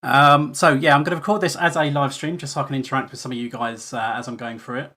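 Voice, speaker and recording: A man's voice: mid-range voice, fast. A man streaming a game, chatting casually with lots of fillers and reading quest text aloud. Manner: relaxed, rambling with many fillers. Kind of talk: casual let's-play commentary.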